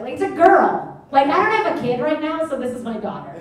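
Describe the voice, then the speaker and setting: A woman's voice: sits high, big pitch swings, fast talker, hardly any pauses. Brash, profane woman comic on stage. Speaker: stand-up comedian. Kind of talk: stand-up comedy set. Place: live comedy theater stage. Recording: echoey theater, mic at a distance.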